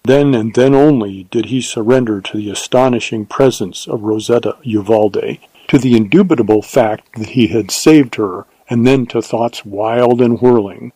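A man reading a western novel aloud as narrator, in a measured, even storytelling manner. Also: medium pitch, husky, no echo, rough recording. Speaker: audiobook narrator. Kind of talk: scripted narration.

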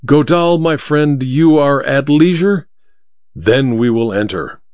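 A man's voice: medium pitch, lively intonation, slow pace, a little mellow, no room sound. A man voicing a grand, sly blind male stage magician who talks in a theatrical, grandiose, teasing way, on a dull lo-fi recording.

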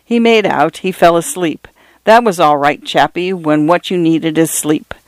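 Audiobook narrator, smooth clear voice, dry close-mic studio sound, measured and expressive. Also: mid-range voice, dry recording. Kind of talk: scripted literary narration.

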